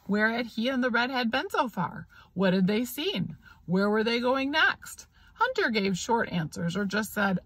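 A woman's voice: mid-range voice, lively intonation, normal speed, a bit bright, slightly rough, dry recording. A woman reading a children's story aloud, giving the characters light voices of their own, with occasional small slips. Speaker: audiobook reader.

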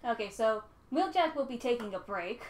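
A woman's voice: a little high, expressive, normal speed, echoey room, a little hiss or hum. A laid-back woman playing a video game and commenting casually, swearing often. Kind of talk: casual let's play commentary.

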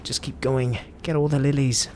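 A man's voice: medium pitch, flat delivery, normal speed, a little mellow, a little hiss or hum. A man with an Australian accent giving chatty, jokey commentary over his own gameplay. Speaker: gameplay video host.

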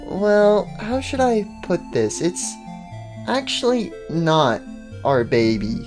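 A woman voicing a nervous, guilty pregnant young woman in a machinima, soft and hesitant, stammering. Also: on the low side, sing-song, slow, music in the background. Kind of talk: machinima voice acting.

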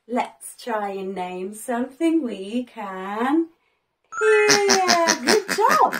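A woman's voice: on the high side, very animated, extremely slow, a loud crowd. A woman hosting a children's learning video as a preschool teacher, talking in a sing-song way with dramatic gasps and plenty of praise.

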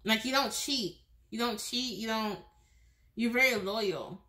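A tarot reader gives a pick-a-card reading, talking directly to the viewer in a chatty way. Her voice is fairly high, bright, and forceful at a measured pace, and she often repeats herself, restarts sentences, and laughs.

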